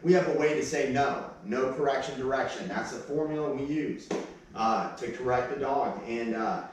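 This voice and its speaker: A dog trainer talks casually in a mid-range voice at a moderate pace while demonstrating, barking sharp, short commands at a dog in a plain-spoken manner. He's recorded off-mic from a distance in a very echoey room.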